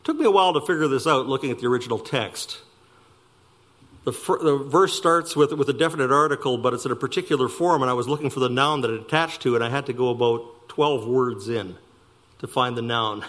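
A man preaching a sermon, slowing down to stress key words and speeding through asides. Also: mid-range voice. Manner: animated preaching, slowing for emphasis and rushing asides. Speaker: pastor.

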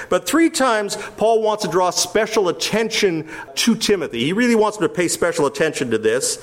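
A male pastor preaches at a church service with a notably high voice. He stresses key words with emphasis, explains the original wording of the text, and puts questions to his listeners. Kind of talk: expository sermon.

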